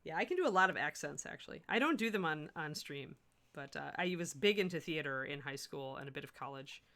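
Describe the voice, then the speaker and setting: A woman's voice: sits low, animated, brisk, fairly bright tone. A woman from the US Midwest hosting a miniature painting livestream, chatting to viewers as she works. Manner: chatty, talks while working, restarts sentences. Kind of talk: livestream painting tutorial, answering chat.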